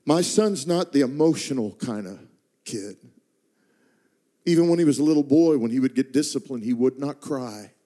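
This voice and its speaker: A middle-aged pastor telling a personal story in a sermon, moving between quiet, slowed narration and rising, impassioned intensity. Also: male voice. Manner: builds from hushed, slow narration to impassioned, high-pitched intensity.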